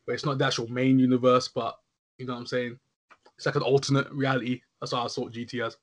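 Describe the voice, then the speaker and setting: Man, rapid-fire talker, casual chat, rambling and animated. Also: medium pitch. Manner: rambling, animated, frequent "you know what I'm saying".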